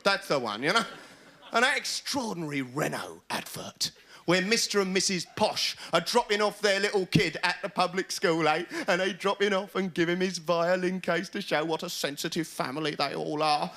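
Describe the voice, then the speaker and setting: An English stand-up comedian on a TV studio stage rants sarcastically, mocking people in put-on voices as the live audience laughs. His high voice is pushed and bright, with lively intonation at a moderate pace.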